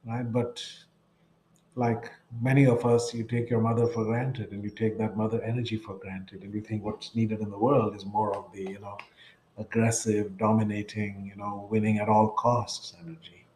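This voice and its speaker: A man in his sixties recounts personal experiences as a podcast guest, earnest and reflective. He often checks in with the listener by adding "right?". His voice sits a little low and sounds mellow, and a roomy echo hangs around it. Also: flat delivery, normal speed, a little hiss or hum. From India. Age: 60s. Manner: earnest, tags phrases with "right?".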